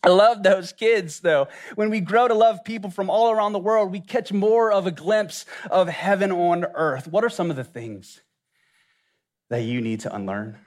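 A man's voice: high-pitched, normal speed, a little mellow. A man from Louisiana, preaching an earnest sermon and asking the listeners many reflective questions. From Louisiana, USA. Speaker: pastor.

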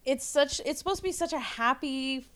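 A woman's voice: sits high, moderate pace. Woman telling a story among friends. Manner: lively storytelling with swearing. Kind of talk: casual chat with friends.

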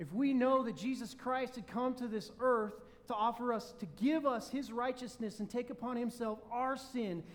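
A man delivering a sermon in a high, light voice. He tells his stories with energy, jumping between loud enthusiasm and quiet, pointed moments. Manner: animated storytelling, swings between loud excitement and quiet emphasis. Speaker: pastor.

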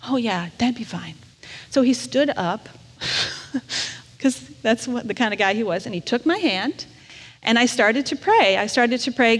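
A woman chaplain telling a personal story in a gentle storytelling sermon. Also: on the high side, animated, measured pace, slightly rough. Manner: gentle storytelling, briefly emotional. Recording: long reverb of a large hall.

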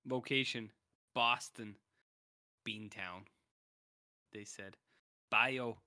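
A man's voice: fairly low pitch, animated, normal speed, pushed and bright, dry recording, clean studio sound. A man co-hosting a casual comedic chat, wryly reading out reviews and teasing his co-host. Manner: wry, teasing, drifts into joke voices. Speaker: podcast co-host.

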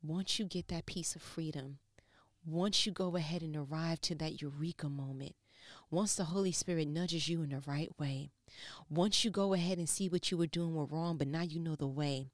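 A woman with a low voice preaches a sermon, close to tears as she speaks. She drops to near-whispers, then climbs into loud, passionate stretches. The recording is dry, with no room sound. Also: steady tone, moderate pace, no room sound. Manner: impassioned, emotional, shifting between hushed and loud.

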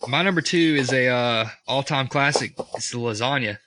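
A man's voice: medium pitch, moderate pace, background noise. A young man co-hosting a podcast, chatting casually and enthusiastically with plenty of fillers. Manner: enthusiastic, playful, lots of fillers. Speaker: podcast co-host. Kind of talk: casual chat.

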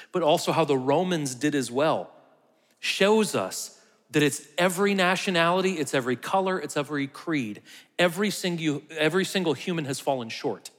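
A man with a fairly high voice preaches a sermon in a casual, conversational way. At times he drops almost to a whisper to stress a point. His voice rings with the long reverb of a large hall. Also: lively intonation, normal speed, fairly bright tone. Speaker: pastor.

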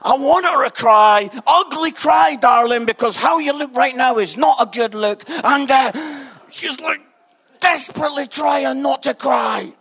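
Animated high-voiced preacher. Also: male voice, a little slow, gravelly, breathy edge. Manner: animated storyteller, shifts from hushed to shouting. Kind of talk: humorous sermon story.

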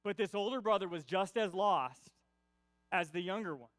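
A pastor delivers a conversational sermon in a high, slightly bright voice with lively intonation at a normal pace. He keeps checking in with his listeners by tagging points with "right?" and repeats key lines for emphasis, and the recording has no echo.

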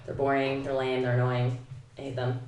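A woman's voice: very deep voice, monotone, recorded from a distance, very noisy. A young woman co-hosting a podcast, chatting casually in a blunt, sassy, joking way. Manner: sassy, blunt, quick to joke. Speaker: podcast co-host. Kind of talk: casual chat. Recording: echoey room, voice off-mic.

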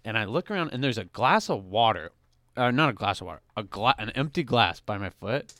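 Young dude telling a raunchy story, voice swings all over, dry close sound. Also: male voice, lowish voice, brisk, no room sound. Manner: animated, swears a lot, acts out quoted voices. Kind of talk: crude casual storytelling.

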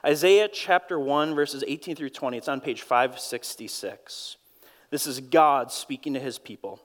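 A man's voice: medium pitch, normal speed. A man with a Minnesotan accent preaching a sermon to his church, earnest and storytelling, often repeating words as he goes. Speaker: pastor. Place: church auditorium. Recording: long reverb of a large hall.

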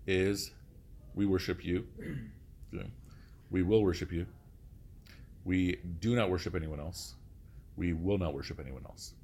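A man's voice: low voice, darkish tone, a little hiss or hum. A male teacher giving a classroom lecture, explaining step by step, often saying "okay" and quizzing his students with questions.

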